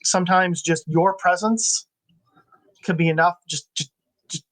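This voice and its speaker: Candid, higher-voiced male nurse. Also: fairly even intonation, unhurried, fairly bright tone. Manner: candid and blunt, swears for emphasis; earnest, speaks from personal experience. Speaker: nurse and podcast host. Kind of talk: casual advice talk to healthcare workers.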